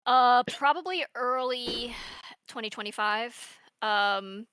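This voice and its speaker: Woman, stream co-host, bright and forceful, dry close mic, chatty. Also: fairly high pitch, slow, clean tone, no room sound. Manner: chatty, answers chat questions. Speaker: cartoon creator and stream co-host. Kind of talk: casual livestream chat.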